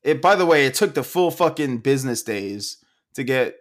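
A man co-hosting a casual podcast, ranting loudly and angrily with lots of swearing and laughter. He is a little drunk. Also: mid-range voice, animated, moderate pace. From Oklahoma, USA. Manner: loud, profane, ranting, laughing. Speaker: podcast co-host.

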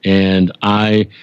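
Animated storytelling man, dry sound. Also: on the low side, no room sound, dull audio. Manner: animated storyteller, self-deprecating, many restarts. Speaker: guest, poet. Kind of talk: casual chat.

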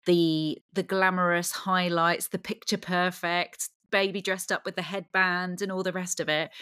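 A woman's voice: on the low side, fairly bright tone, no echo, clean studio sound. A woman hosting a podcast, chatting casually, laughing often and filling her talk with "like". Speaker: podcast host. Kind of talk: casual chat.

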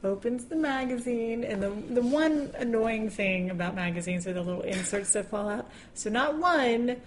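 A woman's voice: fairly high pitch, animated, moderate pace, slight background noise. Chatty laughing woman podcaster. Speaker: podcast co-host. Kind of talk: casual chat.

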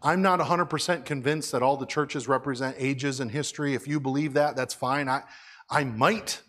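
A man's voice: medium pitch, fairly even intonation, normal speed, fairly bright tone. A man preaching a sermon as a pastor, in a conversational way, asking the congregation questions.

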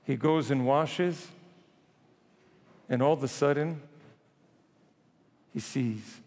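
A man preaching a sermon as a priest, retelling scripture in lively everyday voices. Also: medium pitch, slow pace, big-room sound.

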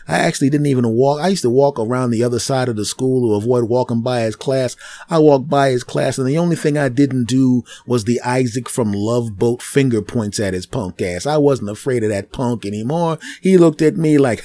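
A podcast host telling a funny story from his school days in an animated way, acting out the other people's lines and making sound effects with his mouth. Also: mid-range voice, moderate pace. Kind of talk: comic storytelling monologue.

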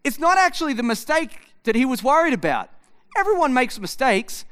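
Male pastor, 30s, bright lively delivery, tells stories in his sermon. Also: extremely high pitch, a little fast, clear, resonant tone. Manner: animated, acts out conversations with his son. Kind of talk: sermon with storytelling.

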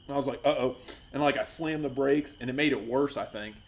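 A man swapping stories on a casual podcast, slipping into voices and sound effects as he goes. His voice sits at an ordinary middle pitch. A faint hum runs under the recording. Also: fast. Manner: animated, acts out voices and sounds while telling stories. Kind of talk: casual storytelling chat.

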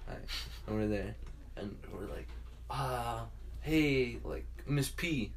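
A young man in casual chat, telling rowdy stories with loud acted-out quotes and lots of swearing. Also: mid-range voice, animated, takes it slowly.

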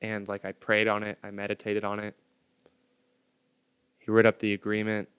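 Speaking at normal speed with a lowish, smooth voice and a completely flat delivery, a twenty-something podcast guest tells a story in laid-back slang. He grows loud when acting out how angry he was.

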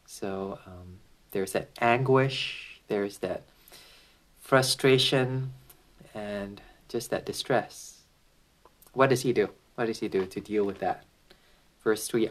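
A man's voice: mid-range voice, measured pace. A man reading a psalm aloud and then reflecting on it in an informal, thoughtful way, with many fillers and restarts. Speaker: Bible teacher. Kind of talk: scripture reading and devotional reflection.

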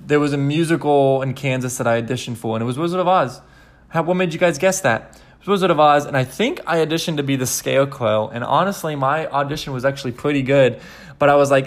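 A man's voice: medium pitch, normal speed. Rambling, foul-mouthed podcast host guy. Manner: rambling, swears a lot, many fillers. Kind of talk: casual chat.

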